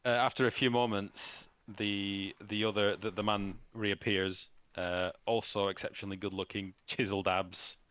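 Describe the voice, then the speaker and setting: Low-voiced male game master, halting, dry sound. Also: little pitch movement, a bit bright, smooth, no room sound. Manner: halting, with many restarts. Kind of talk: narrating a tabletop game.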